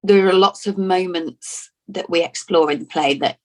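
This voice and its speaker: A woman's voice: lowish voice, moderate pace, darkish tone. A woman from Lincoln in England, an actress talking in a casual interview, chatty and full of restarts and repeated words. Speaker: actor being interviewed.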